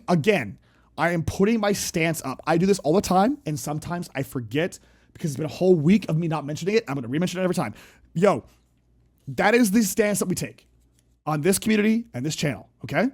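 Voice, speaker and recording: A male streamer with a fairly high voice that leaps up and down constantly. He talks in an emphatic, jokey, rambling way during casual live commentary. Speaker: reaction streamer.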